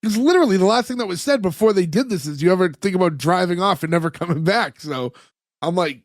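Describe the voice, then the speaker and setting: Rambling man with a higher voice. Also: lively intonation, fast talker, no room sound, studio quality. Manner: rambling, many filler words, retells scenes. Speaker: podcast co-host. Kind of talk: casual chat recapping an episode.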